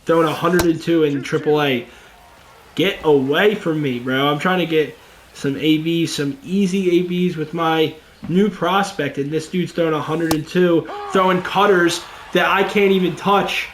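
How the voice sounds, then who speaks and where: A young man giving casual let's-play commentary on a baseball video game, excitable and chatty, talking to his viewers as "boys". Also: fairly high pitch, normal speed, roomy sound, slight background noise. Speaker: gaming YouTuber.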